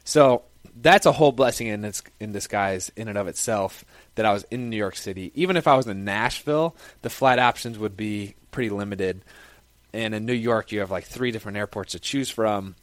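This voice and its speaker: Young man telling a story, low dry voice. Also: a little fast, no room sound. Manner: conversational, lively recounting. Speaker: football player. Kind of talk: casual first-person storytelling.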